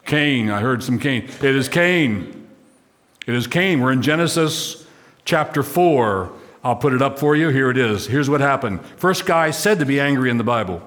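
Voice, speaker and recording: A man's voice: medium pitch, lively intonation, moderate pace, fairly bright tone. A man preaching a sermon, walking through a scripture passage and putting questions to the congregation. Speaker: pastor. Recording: long reverb of a large hall.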